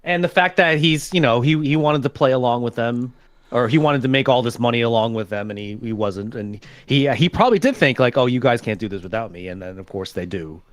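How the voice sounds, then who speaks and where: A man's voice: medium pitch, expressive, brisk, dry recording. A man co-hosting a podcast in casual chat, making wry, joking asides. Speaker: podcast co-host.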